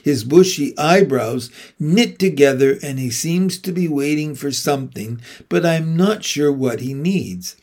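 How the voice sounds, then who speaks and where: A man reading a children's novel aloud in a steady, unhurried way. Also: a little high. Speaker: reader.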